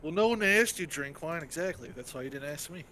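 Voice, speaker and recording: A man's voice: a little high, lively intonation, brisk, sharp tone. A man in casual gaming chat, telling crude, laughing anecdotes and acting out the quotes. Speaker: gaming stream co-player.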